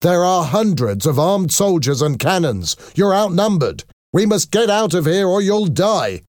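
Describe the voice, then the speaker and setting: A man's voice: lowish voice, expressive, moderate pace, darkish tone, no echo, clean studio sound. A man voicing a hunted former thief, merciful and determined, speaking earnestly and urgently.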